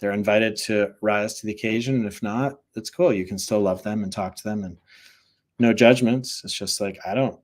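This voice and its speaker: Young man, slightly low voice, spiritual teacher, casual rambling talk, lots of fillers. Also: steady tone, normal speed. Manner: loose and conversational, filled with "like" and "you know".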